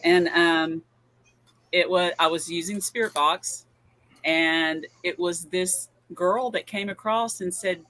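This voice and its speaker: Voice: mid-range voice, fairly even intonation, takes it slowly, pushed and bright. A guest in a casual group chat giving short, easygoing answers.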